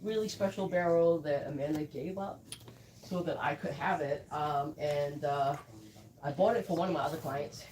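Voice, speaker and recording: A woman's voice: low voice, moderate pace, a little mellow, far from the mic, a little hiss or hum, poor audio. A woman who blends whiskey, chatting through a live tasting and telling stories with quoted asides.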